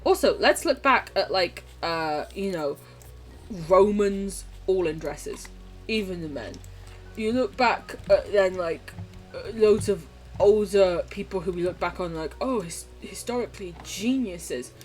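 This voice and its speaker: Faint music plays behind a young British woman who streams a game and chats casually with viewers, reading their comments. Her medium-pitched voice is expressive but measured in pace, and she swears freely and laughs often.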